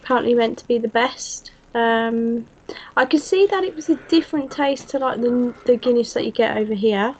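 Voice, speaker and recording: A woman's voice: fairly high pitch, moderate pace, a little hiss or hum. Chatty woman cheering on darts. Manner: chatty, giggly, cheers loudly at big shots. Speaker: co-host of a darts watch-along. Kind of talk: casual chat. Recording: dull lo-fi stream audio.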